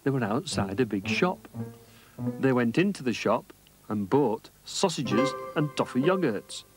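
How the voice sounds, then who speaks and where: A man telling a children's story, gently and expressively, at a mid pitch. His voice rises and falls in a lively sing-song way, with some music playing behind him. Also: a little slow. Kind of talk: reading a children's story aloud.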